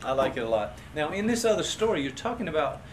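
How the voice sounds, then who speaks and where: A man hosting a casual radio chat, easygoing and quick with short affirmations while steering to the next story. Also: a little high, very animated, slight background noise. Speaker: radio show host.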